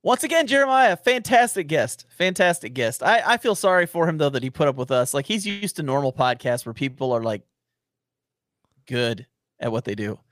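A man's voice: a little high, very animated, brisk, fairly bright tone, no room sound, studio quality. A man hosting a casual podcast interview, joking and teasing, often restarting his sentences. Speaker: podcast host.

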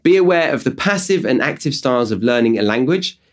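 A British man hosting an English-learning podcast, explaining tips in a lively, jokey way. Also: mid-range voice, fairly quick. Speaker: podcast host and English teacher. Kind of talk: podcast lesson talk.

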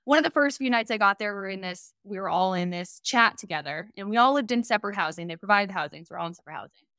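Young woman, podcast guest, smooth clear voice, dry close sound, candid and chatty. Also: mid-range voice, expressive, fast, sharp tone, dry recording. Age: 20s. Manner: chatty, candid, playful banter. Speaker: guest, vacation rental business owner. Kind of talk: casual podcast interview.

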